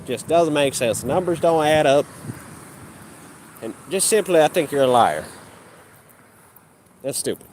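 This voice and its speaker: A man's voice: on the high side, very animated, a little slow, pauses often, a little mellow, a little hiss or hum. A man in a heated live-stream rant, arguing with and insulting chat. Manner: combative, insulting, mocking.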